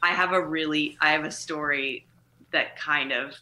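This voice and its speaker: A woman comedian chats and tells stories with lively profanity. Her voice sits low but sounds bright and forceful. The room around her rings with echo. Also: moderate pace. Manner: profane, animated storytelling. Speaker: comedian, podcast guest. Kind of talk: casual chat, storytelling.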